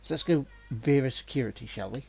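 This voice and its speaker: Husky, chatty male game streamer. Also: mid-range voice, fast talker, a little mellow. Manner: chatty, rambling, laughs often. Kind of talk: let's-play commentary.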